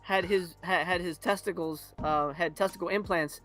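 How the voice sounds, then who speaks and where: A man's voice: high voice, fairly even intonation, normal speed, a bit bright, soft background music. A man on a movie review panel, talking in a crude, sarcastic, rambling way and laughing often. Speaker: podcast panelist. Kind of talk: casual movie review chat.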